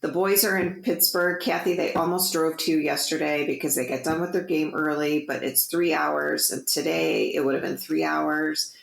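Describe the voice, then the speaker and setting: A woman in her forties, co-hosting a podcast, telling stories in casual, animated chat. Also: low-pitched, moderate pace, creaky, hardly any pauses, reverberant. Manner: chatty, animated storyteller. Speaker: podcast co-host.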